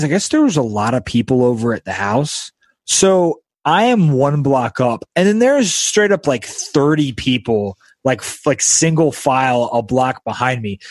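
A man's voice: medium pitch, no room sound, studio quality. A young man hosting a podcast, telling a story in a rambling, casual way with lots of fillers and restarts, recorded at a friend's house. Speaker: podcast host.

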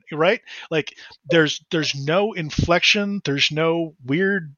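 A man from Pennsylvania with a flat Pittsburgh-area accent, chatting casually and joking at his own expense. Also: a little high, slow, dry recording. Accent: western Pennsylvania. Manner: joking, self-deprecating. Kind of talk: casual chat. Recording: dull, slightly lo-fi sound.

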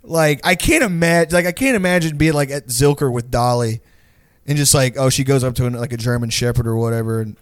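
A man's voice: mid-range voice, fairly quick, smooth, no echo, clean studio sound. A young man telling stories in a casual chat, rambling and profane, full of "like" and slang. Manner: rambling, profane storytelling with lots of "like". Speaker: podcast co-host.

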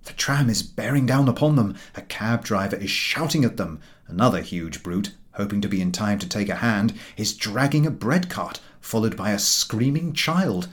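A man's voice: on the low side, moderate pace, few pauses. A man reading a humorous book aloud in a dry, ironic way. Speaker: audiobook reader.

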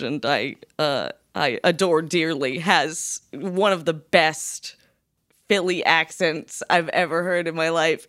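Woman, podcast co-host, giggly and sweary, slow pace, dry close sound. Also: lowish voice, a bit bright, no room sound. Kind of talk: casual comedy podcast chat.

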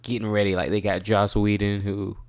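Smooth-voiced laid-back man chatting. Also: fairly low pitch, level tone, a little fast, darkish tone. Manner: laid-back, laughs often, trails off mid-sentence. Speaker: podcast co-host. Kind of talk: casual chat.

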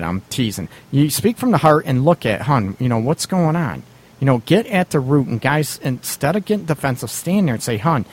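Brief: male radio advice host, blunt and casual, laughs a lot, acts out quotes. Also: mid-range voice. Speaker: radio show host giving relationship advice.

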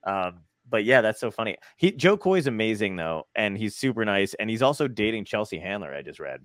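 A man with a lowish voice chats loosely on a podcast, swearing freely and laughing as he rambles. The sound is dry and close, with almost no room around it. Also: very animated, a little fast, a bit bright, dry recording. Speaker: podcast host. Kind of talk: casual chat.

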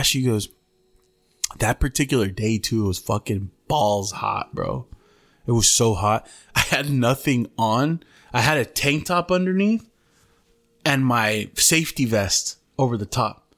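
A man's voice: mid-range voice, normal speed, gravelly, fairly bright tone. Podcast host, man, casual storyteller: profane, slangy, laid-back mid-range voice. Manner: profane, slangy, keeps saying "bro".

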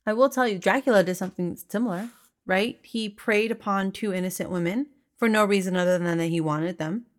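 Woman on a movie podcast, casual chat, swears a lot, talks with emphasis, medium pitch. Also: brisk. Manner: emphatic, swears freely, laughs often. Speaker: podcast co-host reviewing a film.

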